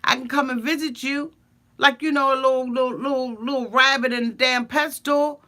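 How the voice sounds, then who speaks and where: A woman's voice: high voice, fairly even intonation, brisk, bright, forceful tone. A woman voicing a defensive young boyfriend who speaks insistently and indignantly in a raised voice.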